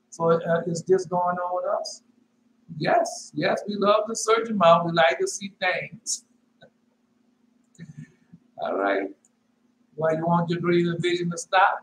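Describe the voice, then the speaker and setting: A man's voice: lively intonation, slow, long pauses, a bit bright. Emphatic preacher man in an echoey room. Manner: emphatic with rhetorical questions and repetition; pitch jumps sharply on emphatic words. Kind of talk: informal sermon with scripture reading. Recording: echoey room with faint noise.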